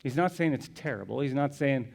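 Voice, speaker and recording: A male pastor preaching a sermon, telling the story dramatically, dropping to hushed whispers and rising to loud exclamations. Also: medium pitch, expressive, fairly quick, gravelly.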